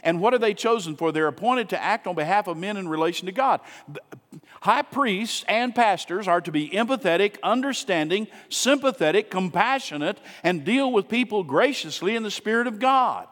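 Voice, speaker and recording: A man's voice: high voice, lively intonation, moderate pace, fairly bright tone, in a large hall. A man pastor preaching a sermon in a casual, conversational way, asking rhetorical questions and dropping asides to his congregation. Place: church sanctuary.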